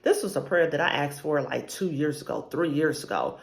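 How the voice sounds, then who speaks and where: An adult woman, married with a child, shares her faith journey as a vlogger, telling a casual, rambling testimony with frequent ums. Her low-pitched voice is animated and fairly quick.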